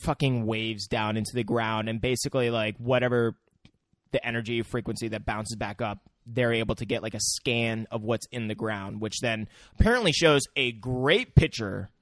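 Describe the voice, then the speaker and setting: A man's voice: mid-range voice, normal speed, dry recording, studio quality. A young man co-hosting a podcast, chatting casually, laughing and swearing. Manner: laughs often, profane, interjecting. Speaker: podcast co-host. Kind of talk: casual comedic chat.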